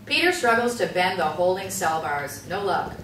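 A woman's voice: fairly low pitch, sing-song, normal speed, fairly bright tone. Woman reading stage directions. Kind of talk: script table read. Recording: echoey room, distant mic, faint hiss.

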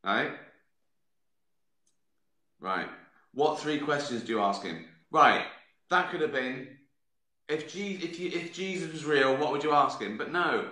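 A man's voice: a little high, expressive, a little slow, pauses often, sharp tone. Sardonic man in an echoey room. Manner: sardonic, profane, rambling. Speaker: host answering viewer questions. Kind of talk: casual live-stream chat. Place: at home, sitting with a beer.

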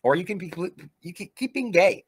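A man's voice: high voice, big pitch swings, brisk, breathy edge. A man hosting a livestream, ranting in a profane, combative way. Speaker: livestream host.

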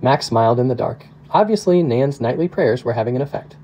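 A pastor reads a novel aloud at an unhurried, measured pace. His voice is dark and mellow. He sounds steady and calm throughout. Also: medium pitch, poor audio. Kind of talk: audiobook narration.

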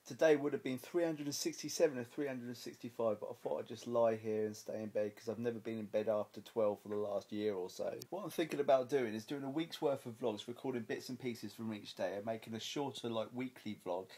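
A man's voice: mid-range voice, a little fast, dark tone. A young man talking casually and playfully to his handheld camera in a daily vlog, teasing the people around him. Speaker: daily vlogger.

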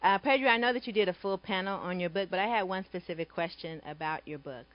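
A woman with a fairly low voice moderates a panel, posing long, measured questions. The recording sounds a bit dull. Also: dry recording. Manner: measured, with frequent "uh" fillers.

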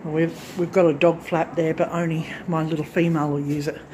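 With a low, fairly flat, slightly fast and mellow voice, plus a little hiss or hum, a woman from a craft channel films a handheld tour of her farm lodge unit. Moving through the inside and out onto the back porch, she chats and rambles, often fixing what she just said.

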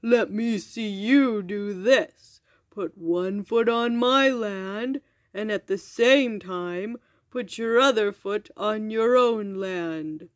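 A woman putting on a slow, gloating giant. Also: no room sound, clean studio sound, natural voice. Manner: slow, booming, mocking. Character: boastful male giant, big and gloating. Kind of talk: storybook reading.

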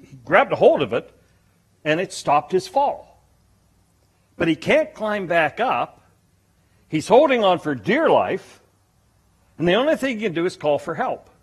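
A male preacher delivering a sermon at a slow, deliberate pace. His voice is husky and his pitch swings widely as he tells stories and drives home his points. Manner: animated storytelling preaching.

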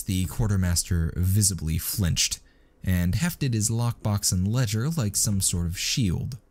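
A man reading a story aloud in a steady, scripted narration. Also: lowish voice.

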